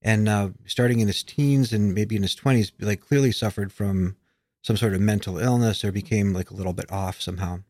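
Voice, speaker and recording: A man's voice: on the low side, steady tone, brisk, a little mellow, no room sound, studio quality. A man from the United States, a musician guest in a casual interview, talking with many fillers and restarts.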